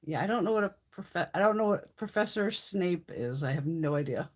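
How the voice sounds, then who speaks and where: A middle-aged woman hosting a casual beauty livestream, telling stories in a profane, animated way. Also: on the low side, normal speed.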